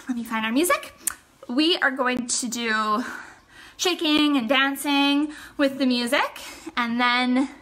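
A woman's voice: high voice, pushed and bright, roomy sound, distant mic. A woman teaching a family yoga class for children, giving cheerful, encouraging instructions and making animal sounds.

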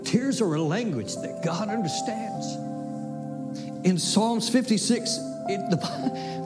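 Sixties man preaching over soft music. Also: high voice. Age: 60s. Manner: emphatic preaching that drops to soft, near-whispered passages; repeats lines for emphasis, folksy asides. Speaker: pastor. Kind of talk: sermon.

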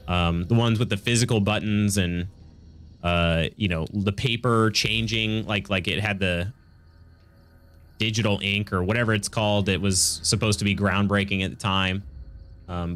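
On a casual game stream, a man with a blocked nose banters and laughs with viewers, reacting to their messages. His voice sits lowish with a fairly bright tone, at a moderate pace.

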